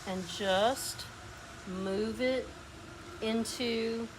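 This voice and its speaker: A woman's voice: a little high, extremely slow, background noise. A woman with a lazy Southern drawl hosting a painting demo in a workshop, chatting and coaching a helper as she works. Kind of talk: hands-on demonstration.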